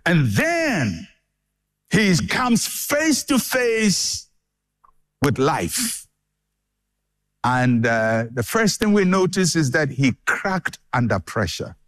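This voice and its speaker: A man's voice: fairly high pitch, huge pitch swings, extremely slow, long pauses, fairly bright tone. A man preaching a sermon with dramatic emphasis and repeated phrases for effect.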